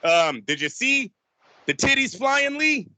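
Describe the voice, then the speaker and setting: A man co-hosting a boxing podcast, chatting casually and laughing through animated, rambling retellings. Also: very high voice, a little slow, dry recording. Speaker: podcast co-host.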